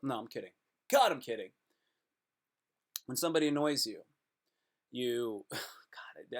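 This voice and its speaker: A man's voice: medium pitch, measured pace, long pauses. Rambling, jokey man on a vlog. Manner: jokey, self-interrupting, slips into playful put-on voices. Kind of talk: rambling casual monologue to camera.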